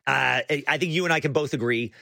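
Bright-voiced excitable radio host man. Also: medium pitch, fast, vocal fry, dry recording, clean studio sound. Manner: excitable, stumbling restarts. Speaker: radio talk show host. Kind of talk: casual radio chat.

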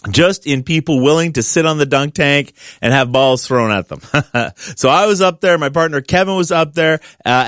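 A man's voice: a little high, a bit bright, dry recording, clean studio sound. A man hosting a call-in gardening radio show, talking in an upbeat, chatty, promotional way.

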